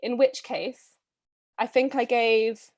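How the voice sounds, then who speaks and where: Woman host, slightly high voice, brisk and chatty on a video call. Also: steady tone, darkish tone. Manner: chatty, brisk, with frequent ums and little laughs. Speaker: read-a-thon host casting readers. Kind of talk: casual live-stream casting call.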